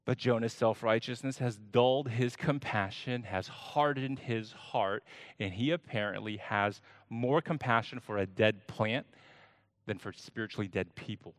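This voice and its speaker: A man's voice: lowish voice, no echo, studio quality. A man preaching a sermon to his church, explaining a scripture passage and acting out quoted lines with dramatic emphasis. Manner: slow, deliberate preaching with dramatic voiced quotes. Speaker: pastor.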